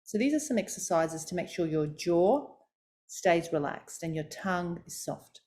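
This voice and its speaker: A woman giving a voice coaching talk, demonstrating pitch and stress exercises aloud as she explains them. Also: expressive, moderate pace, mellow, a little hiss or hum.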